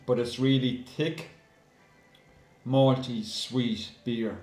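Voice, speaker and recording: Man, mid-pitched, casual chatty reviewer, hesitant fillers, echoey room. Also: steady tone, slow pace, darkish tone, soft background music. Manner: chatty, addresses viewers as guys, many ums. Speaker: beer reviewer. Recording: roomy echo.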